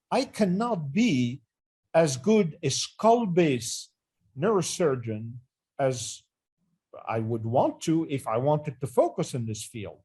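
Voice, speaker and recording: A man's voice: on the high side, darkish tone, breathy edge. Earnest older man recalling his career. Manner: earnest, restarts phrases as he recalls. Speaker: retired neurosurgery department chair, interview guest. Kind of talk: reflective career interview.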